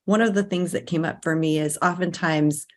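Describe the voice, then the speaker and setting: A middle-aged woman with a notably low speaking voice shares a personal story in a relaxed interview. She talks casually and easily, slipping into the voices of people she quotes. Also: normal speed. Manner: personal storytelling, acts out quoted voices, laughs between phrases. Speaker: guest, nurse and life coach.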